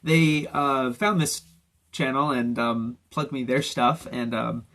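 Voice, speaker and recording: A man's voice: medium pitch, steady tone, slow pace, a bit bright. A man giving unscripted, ranting commentary on anime videos, swearing often and mocking others in put-on quotes. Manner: ranting, profane, mocking impressions.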